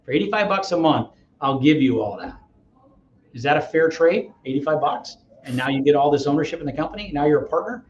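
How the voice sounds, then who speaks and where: A lively middle-aged man talks as an interview guest, a touch high-voiced and eager to persuade. His voice rings in a roomy space. The audio is dull and carries a faint hiss behind him. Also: fairly quick. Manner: energetic, acts out dialogues, persuasive. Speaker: real estate agent, podcast guest. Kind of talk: interview storytelling.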